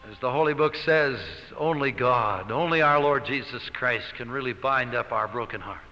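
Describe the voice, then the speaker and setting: A man's voice: mid-range voice, moderate pace, sharp tone, big-room sound, muffled recording. A man preaching an expository sermon, earnest and emphatic, stressing key words as he goes.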